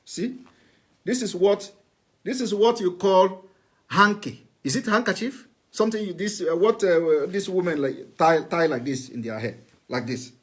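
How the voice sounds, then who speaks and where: High-voiced man demonstrating. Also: expressive, measured pace. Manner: repetitive, instructive, plain spoken. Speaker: live broadcast host. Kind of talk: live demonstration talk to viewers.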